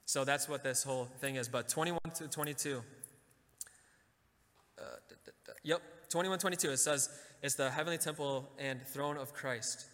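A man giving a Catholic talk, leading the audience to repeat lines after him and slowing down for emphasis. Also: mid-range voice, in a large hall. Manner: slows and drops to a soft, quiet voice for emphasis. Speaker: Catholic speaker. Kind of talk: sermon talk with call-and-response.

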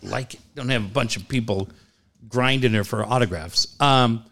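A man's voice: mid-range voice, normal speed, creaky, a bit bright. A man in his forties telling a long family story in casual chat, laughing often and repeating "I go".

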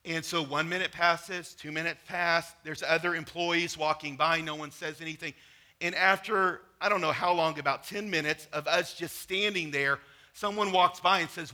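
A man's voice: fairly high pitch, fairly even intonation, moderate pace, pushed and bright. A middle-aged man preaching a sermon, talking to the congregation conversationally and telling personal stories. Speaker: pastor.

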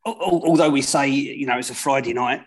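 Slightly husky man, halting podcast chat. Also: mid-range voice. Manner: halting, stammering starts. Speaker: podcast guest.

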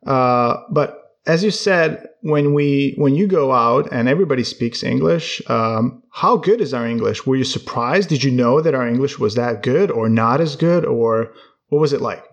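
A man leads a casual interview, asking open questions and backing the guest up with steady "mm-hmm". His mid-pitched voice has a gravelly fry to it. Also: normal speed, lo-fi sound. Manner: encouraging, frequent back-channel "mm-hmm". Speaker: interviewer, English teacher.

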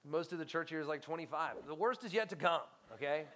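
Speaking quickly in a slightly high voice, this young man preaches as a pastor with real passion, alternating between loud, emphatic peaks and hushed, almost whispered moments.

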